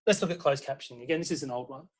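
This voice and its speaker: This Australian man, a university lecturer, gives a rapid-fire conference talk in a husky, medium-pitched voice. He's animated and checks in with the audience, with frequent fillers and restarts.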